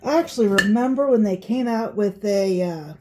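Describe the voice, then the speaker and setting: Middle-aged woman, casual cooking vlog, folksy chatter, mid-pitched voice, faint pan clatter. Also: normal speed, noisy background. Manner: chatty, folksy, reminiscing asides. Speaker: home cooking vlogger. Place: home kitchen.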